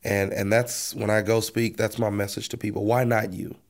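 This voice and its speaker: Gravelly low-voiced pastor telling his story. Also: flat delivery, moderate pace. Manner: earnest storytelling, repeats words as he restarts, acts out his own past words. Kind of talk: personal testimony in an interview.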